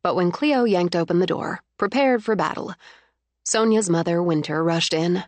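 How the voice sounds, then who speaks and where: A woman's voice: on the low side, normal speed, darkish tone, no echo. Woman narrating an audiobook, dry close sound.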